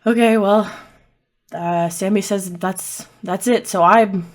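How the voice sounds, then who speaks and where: A woman voicing a frightened, possessed woman who speaks in a hesitant, halting way. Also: mid-range voice, fairly even intonation, lightly acted. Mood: pleading.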